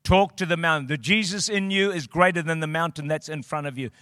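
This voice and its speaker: A man preaching a sermon as a pastor, swinging from quiet storytelling to shouted declarations. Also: on the high side, brisk, dry recording, studio quality.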